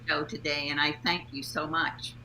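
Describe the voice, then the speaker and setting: A woman's voice: low voice, flat delivery, normal speed, bright, forceful tone, rough recording. A woman, a guest speaker and author, telling upbeat anecdotes in a casual interview.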